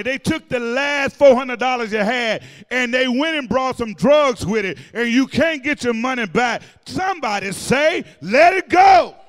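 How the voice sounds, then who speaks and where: This pastor's voice sits remarkably high as he preaches, pulling the congregation into call-and-response. He alternates between shouts and half-sung phrases, and the sanctuary's long echo rings through everything.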